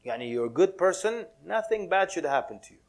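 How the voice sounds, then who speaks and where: A man giving a lively, joking talk to an audience at a mosque, mixing in Arabic words and acting out quotes. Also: high-pitched, a little fast. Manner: animated, playful, drops Arabic words, laughs often. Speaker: Muslim speaker giving a talk.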